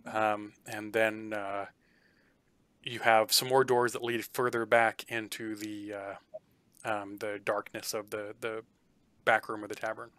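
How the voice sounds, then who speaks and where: A man runs a tabletop game, describing each room in halting, filler-heavy narration. His voice is bright and forceful. The sound is close and dry, with no room around it. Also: on the low side, little pitch movement, smooth, no echo. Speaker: game master.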